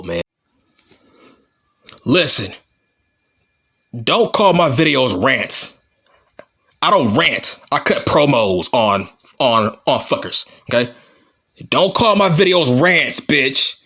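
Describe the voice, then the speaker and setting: Slightly high and fairly bright, this man from Compton, California rants as a wrestling vlogger, cutting a heel-style promo. He slurs and stutters in mushy speech, taunting and combative, with frequent profanity.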